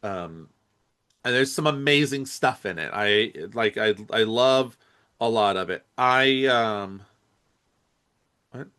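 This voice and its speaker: A man's voice: medium pitch, takes it slowly, pauses often, pushed and bright, smooth. A man co-hosting a podcast, chatting casually about movies, rambling and hesitant with lots of fillers. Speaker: podcast co-host.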